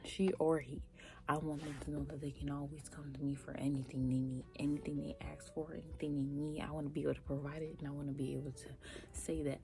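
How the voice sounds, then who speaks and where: A young woman giving animated, chatty reaction commentary straight to her viewers, sometimes dropping into breathy half-whispered asides. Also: low-pitched, a little fast, music in the background. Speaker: reaction vlogger.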